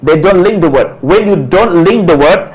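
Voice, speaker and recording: A man hosting a call-in radio show, talking in a halting way full of "you know" and "uh" fillers. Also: sits high, expressive, crowd noise, poor audio.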